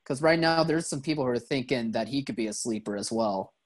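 A man appearing as a guest on a sports podcast, relaxed and agreeable in casual chat. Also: mid-range voice, a little fast.

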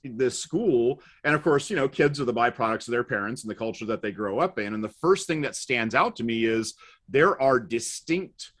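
A middle-aged man telling stories in a relaxed podcast conversation, with a wry, self-deprecating manner. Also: medium pitch. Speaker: podcast guest. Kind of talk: casual conversational storytelling.

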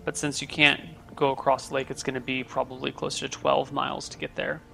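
A man running a tabletop game as game master, chatty and relaxed. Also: medium pitch, brisk, creaky.

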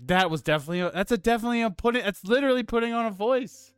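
A man's voice: very high-pitched, very fast, clean tone, no echo, clean studio sound. A man giving blunt, opinionated film criticism in casual chat, swearing freely.

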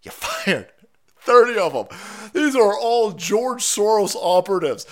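A man's voice: high voice, expressive. A man hosting a livestream, delivering an angry, profane political rant with crude mockery. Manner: angry, crude, mocking, rapid-fire. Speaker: livestream host.

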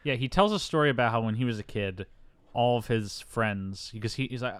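A man's voice: medium pitch, brisk, fairly bright tone, clear, resonant tone, no echo. A man co-hosting a podcast, chatting casually and playfully about a movie. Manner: playful, slips into silly impressions. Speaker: podcast co-host.

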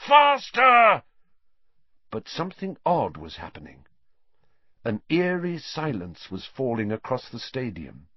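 Male audiobook narrator, animated and dramatic, slightly husky, dry lo-fi sound. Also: mid-range voice, measured pace, no echo. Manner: dramatic, shifting pace with the action. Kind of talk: storybook audiobook reading.

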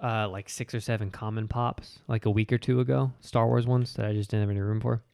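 A man's voice: fairly low pitch, fairly even intonation, brisk, creaky, a little mellow, smooth. A man with a New York accent, co-hosting a podcast in casual chat and laughing often. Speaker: podcast co-host.

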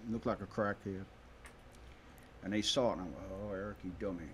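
A man tells a lively story as a podcast guest, acting out each bit of dialogue. A faint hum sits under his voice. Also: lowish voice, quick pace. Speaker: guest, tribute performer for a famous singer. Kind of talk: casual chat.

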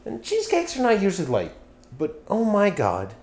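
A high-pitched, slightly mellow voice with big pitch swings moves at a normal speed as this young Pennsylvania podcaster chats casually. He rambles, uses profanity, and drifts off his point.

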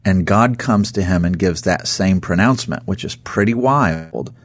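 Husky low-voiced man discussing scripture. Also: moderate pace, dry recording. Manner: animated, acts out quoted speech. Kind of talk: casual Bible discussion.

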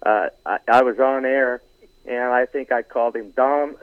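A man's voice: medium pitch, no echo. Man on a tinny phone line. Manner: halting, lots of fillers, teasing. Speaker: horse racing analyst guest. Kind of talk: casual phone-in chat.

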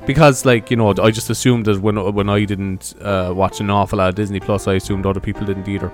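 Chatty, low-voiced Irish podcast host. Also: male voice, little pitch movement, fast talker, faint music behind. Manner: chatty, swears, laughs at own jokes. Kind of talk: casual rambling monologue.

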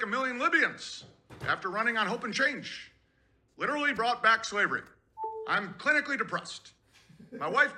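A man doing a crude parody impression of an older former president, in a calm, measured delivery with odd pauses. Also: very high voice, exaggerated voice. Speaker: caller.

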